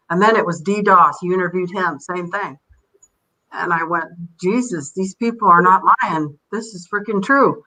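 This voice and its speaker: An older woman, a grandmother and podcast guest, telling rambling, animated stories and acting out the voices she quotes. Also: lowish voice, low-quality recording. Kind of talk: casual interview storytelling.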